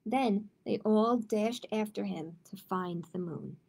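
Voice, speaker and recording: Slow, gentle woman reading to children. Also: medium pitch, vocal fry, husky. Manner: gentle and expressive, talking to children. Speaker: children's librarian. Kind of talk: children's storytime read-aloud.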